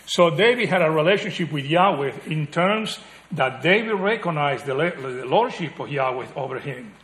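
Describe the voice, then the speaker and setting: A man delivers a sermon in a slightly high voice. He is animated, chuckles and acts out the people he quotes, and drops to a near hush for emphasis. The room is noticeably echoey. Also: moderate pace. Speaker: preacher.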